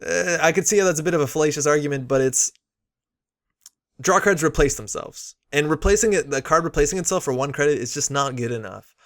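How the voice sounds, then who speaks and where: A man's voice: a little high, brisk. A man giving casual, opinionated commentary while unboxing and reviewing game cards, with frequent fillers. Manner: chatty, opinionated, many fillers.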